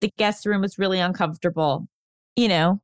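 A woman's voice: lowish voice, fairly even intonation, a little fast, dry recording, clean studio sound. A woman co-hosting a podcast in casual chat, reading out a listener question and running the segment. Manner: upbeat, runs the segments, reads listener questions. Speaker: podcast co-host.

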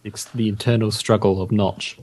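A man's voice: fairly low pitch, fairly even intonation, moderate pace, a little mellow. A man co-hosting a podcast in casual chat, sarcastic and giggly, with the odd swear word. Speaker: podcast co-host.

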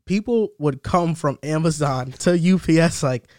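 A young man co-hosting a podcast, telling casual stories about past jobs with a relaxed, chatty manner. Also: fairly high pitch, a little slow, dry recording, studio quality. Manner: relaxed storytelling with frequent "bro" and "like". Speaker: podcast co-host. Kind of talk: casual chat.

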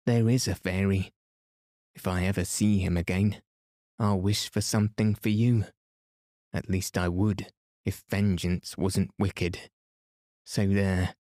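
A man's voice: low-pitched, steady tone, takes it slowly, pauses often, mellow, no echo, clean studio sound. A man reading the lines of a spirited young girl who is indignant. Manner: indignant, pleading.

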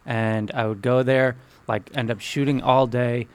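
A man's voice: mid-range voice, steady tone, a little slow, smooth. A man co-hosting a podcast, chatting casually and easily about his experiences. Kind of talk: casual chat.

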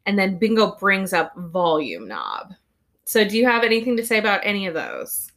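A woman podcast co-host from Southern California, a parent, chatting casually and quickly about a cartoon episode. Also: mid-range voice. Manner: chatty, animated, quick retelling with acted-out quotes. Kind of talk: casual chat recapping a cartoon.

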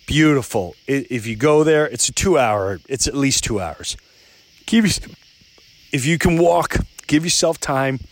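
Animated man telling a story. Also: measured pace. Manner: animated, with big jumps up in pitch when excited; repeats himself and restarts mid-sentence. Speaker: podcast host and comedian. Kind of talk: casual storytelling.

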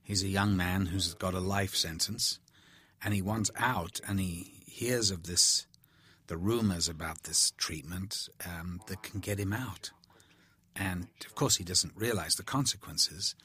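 Man, actor, film commentary, candid stories, husky low voice. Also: unhurried. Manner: animated storyteller, candid. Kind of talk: film commentary, anecdotal chat.

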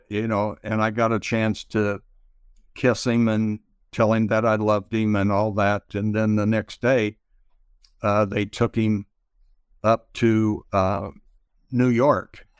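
An older man telling stories as an interview guest, halting with many pauses and fillers. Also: fairly low pitch, level tone, smooth, dry recording, studio quality. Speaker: interview guest, retired pitcher. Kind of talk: slow reflective storytelling.

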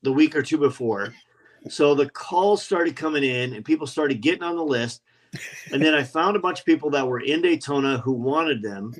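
Man telling lively stories. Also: fairly high pitch, moderate pace, rough recording. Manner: animated anecdotes, acts out quoted voices. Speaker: guest, custom motorcycle builder. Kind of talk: casual podcast storytelling.

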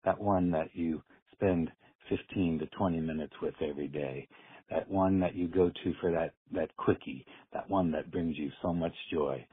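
A man's voice: deep voice, moderate pace, husky. A man calling in to a show, leaving an earnest, effusive voicemail that repeats phrases. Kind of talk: rambling call-in message. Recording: tinny phone line.

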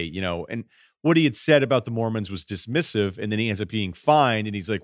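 A man co-hosting a sports podcast, telling game stories casually and dropping his voice low to mimic the people he quotes. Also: expressive, a little fast, no room sound, clean studio sound. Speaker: podcast co-host.

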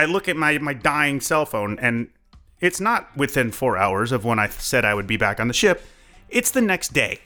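Bright-voiced young man storytelling. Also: mid-range voice. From United States. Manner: chatty, animated, lots of "like" and "uh". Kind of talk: casual first-person storytelling.

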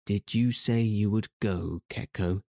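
A man's voice: on the low side, steady tone, a little slow, vocal fry, dark tone, no room sound, studio quality. A man voicing a silky, cruel pirate captain. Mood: silky menace. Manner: purring, courteous menace. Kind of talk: audiobook reading.

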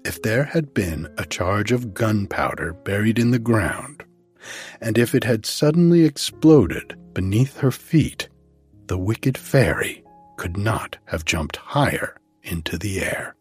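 A man reading a fairy tale aloud at bedtime, calm and measured. His voice is fairly low and husky, and he takes his time over every phrase, with faint music underneath. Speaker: storyteller.

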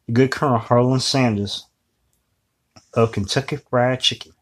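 A man co-hosting a podcast in casual chat, making wry deadpan jokes. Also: mid-range voice, measured pace, slight background noise. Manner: joking, wry, deadpan asides. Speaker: podcast co-host.

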